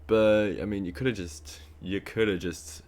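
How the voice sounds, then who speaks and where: A young man talks over a song he is reacting to, deadpan and a little mock-serious. His voice sits low and dark, mellow rather than bright. He fills gaps with ums and you-knows. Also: moderate pace. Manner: dry, mock-serious remarks with fillers. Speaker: reaction streamer. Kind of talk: casual reaction commentary.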